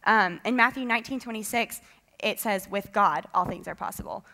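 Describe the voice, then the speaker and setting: Young adult woman, student speaker, bright tone, chatty devotional talk, acts out her own reactions. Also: mid-range voice, normal speed, vocal fry. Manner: chatty, with many filler "like"s.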